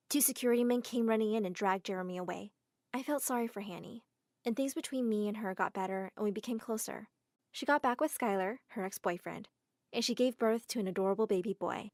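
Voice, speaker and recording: A young woman giving dramatic storytelling narration, animated and quick to burst into excitement. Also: mid-range voice, dry recording, studio quality.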